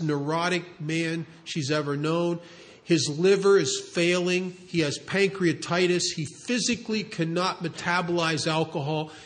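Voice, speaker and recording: A middle-aged man earnestly telling a story about guiding someone through recovery, halting and restarting as he talks. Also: on the high side, a bit bright. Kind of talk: storytelling talk.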